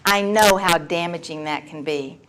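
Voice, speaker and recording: A woman's voice: on the low side, moderate pace, a bit bright, poor audio. A woman, giving a candid personal recovery share with a wry, storytelling manner. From Texas. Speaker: recovery meeting speaker.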